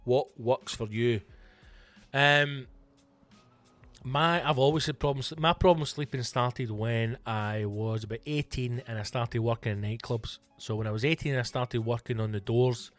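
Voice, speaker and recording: A man from Scotland hosts a solo comedy podcast, addressing the audience directly in a mid-pitched voice that's steady, measured in pace, and a bit bright. Swearing freely, he answers listener questions in an inflated, mock-grand manner over faint background music.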